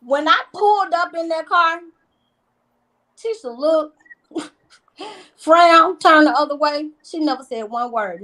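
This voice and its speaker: A woman, a reality TV guest telling animated stories in a casual interview, with emphatic repetition. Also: sits high, measured pace, long pauses, rough recording.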